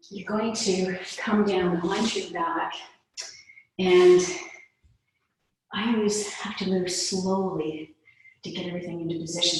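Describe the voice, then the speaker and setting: A woman's voice: on the low side, a little mellow. A woman instructor leading an online yoga strength class, cueing each exercise with playful asides and laughs. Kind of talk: live online fitness class. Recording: echoey video-call audio from far off.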